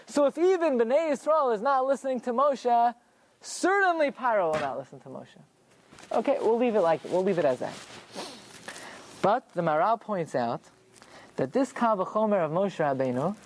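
Animated man teaching a Torah class. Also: high voice, slight background noise. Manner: explains through rhetorical questions and answers them himself.

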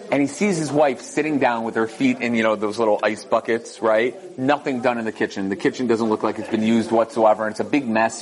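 Man, middle-aged, fairly high voice, animated sermon, storytelling with acted voices. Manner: animated storytelling, acts out voices with big pitch swings. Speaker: rabbi giving a Torah talk.

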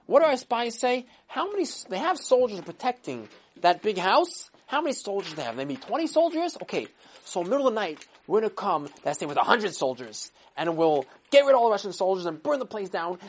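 A woman's voice: medium pitch, sing-song, fairly quick. A woman voicing a scheming male army general who plans a night raid aloud. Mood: plotting. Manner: plotting, musing aloud.

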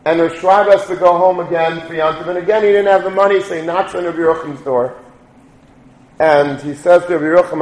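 A middle-aged man, a rabbi, telling a story to a room in an animated, informal way. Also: fairly high pitch, quick pace. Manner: animated, informal storytelling with Yiddish and Hebrew terms. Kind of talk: storytelling talk. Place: lecture room. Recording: echoey room.

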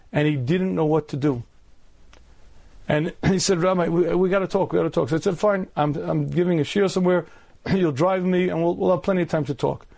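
Throat-clearing rabbi, high for a man. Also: darkish tone. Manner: earnest, frequent throat-clearing. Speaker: rabbi giving a talk. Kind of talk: lecture on faith and dating.

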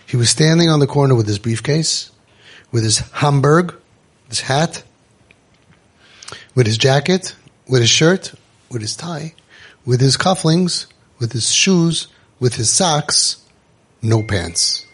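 A man hosting a parenting podcast, telling stories to parents in an animated way. He acts out the voices he quotes and drops Yiddish and Hebrew words into his talk. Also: mid-range voice, takes it slowly, pauses often, breathy edge. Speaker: parenting coach and podcast host.

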